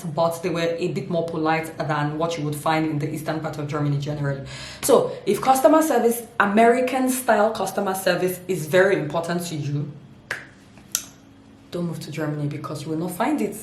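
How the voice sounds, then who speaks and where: A woman's voice: sits low, reverberant. Playful, laughing woman vlogger. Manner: playful, laughs often, dramatic emphasis. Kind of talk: humorous casual vlog.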